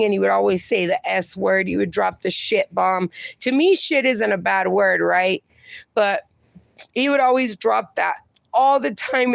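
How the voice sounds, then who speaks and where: A woman's voice: medium pitch, creaky, no room sound. A woman hosting a livestream, reading viewer comments aloud and chatting casually, laughing often. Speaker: livestream host reading chat. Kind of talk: casual chat.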